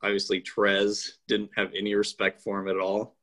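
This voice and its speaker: A man with a fairly low voice co-hosts a sports podcast. He makes his case in a measured, hesitant way, full of ums and restarts. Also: monotone, a bit bright. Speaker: podcast co-host. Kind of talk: casual sports podcast banter.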